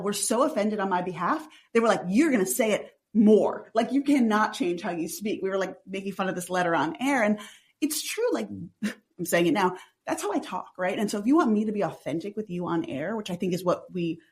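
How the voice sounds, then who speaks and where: A woman, chatting as a podcast guest and saying "like" constantly. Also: mid-range voice. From Long Island, New York. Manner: says "like" constantly, chatty and animated. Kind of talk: casual chatty interview.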